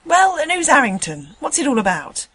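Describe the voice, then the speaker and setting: A woman's voice: high-pitched, very animated, moderate pace, a bit bright, pitched above the performer's own voice. A woman voicing a brusque, teasing male tram driver. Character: brisk working-class male tram driver.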